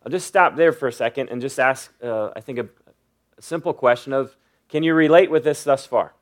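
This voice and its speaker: A middle-aged male pastor preaching a sermon in an earnest way, reading scripture slowly with emphasis. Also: mid-range voice.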